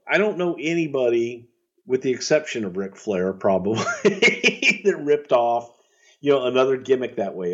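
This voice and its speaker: A man's voice: mid-range voice, slightly rough. A middle-aged man co-hosts a podcast, telling rambling anecdotes laced with swearing and laughter. His voice sits in an ordinary middle register, and the audio is slightly dull and muffled. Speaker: podcast co-host, former wrestling executive. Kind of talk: casual storytelling.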